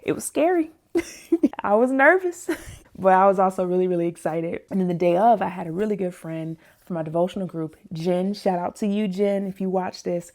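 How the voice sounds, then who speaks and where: A woman in her thirties, a personal chef, casually telling a story to her viewers, animated and laughing often. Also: normal speed. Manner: animated, laughs often, acts out other people's lines in a higher voice. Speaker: plant-based personal chef and vlog host.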